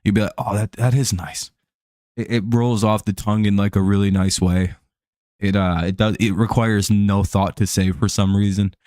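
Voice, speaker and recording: A man's voice: fairly low pitch, flat delivery, normal speed, darkish tone, no echo, studio quality. A man hosting a live stream, casually commenting on a baseball game, rambling with many fillers and restarts and frequent chuckles.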